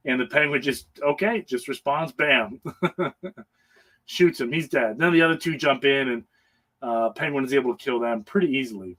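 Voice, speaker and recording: A man's voice: medium pitch, moderate pace, a bit bright, poor audio. A man on a comic book panel recapping a story in casual, rambling talk, full of hesitations and frequent chuckles.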